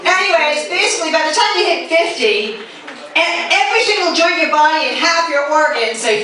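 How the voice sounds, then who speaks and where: A woman in her fifties doing stand-up comedy with brash, self-mocking punchlines and quick asides to the crowd, recorded from afar in an echoey club. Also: sits high, expressive, noisy background. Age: 50s. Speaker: stand-up comic. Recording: echoey room from far off.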